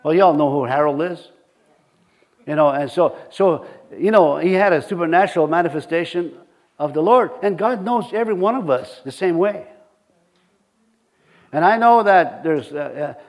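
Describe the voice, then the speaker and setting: Halting, folksy preacher man with a high voice. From reservation community. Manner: halting, many restarts and fillers; folksy, chuckling asides. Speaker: pastor. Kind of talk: sermon.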